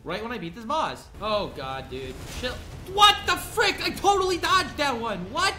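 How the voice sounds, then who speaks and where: A man's voice: very high-pitched, sing-song, normal speed, pushed and bright, slight background noise. A young man commenting on his own gameplay, taunting the boss and venting to his chat between frustrated outbursts. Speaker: gaming video creator.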